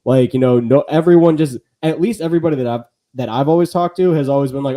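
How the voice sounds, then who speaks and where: Man, podcast co-host, warm mellow tone, casual rambling chat, lots of "like" and "um". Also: fairly high pitch, lively intonation, quick pace, hardly any pauses. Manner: rambling, many fillers and restarts.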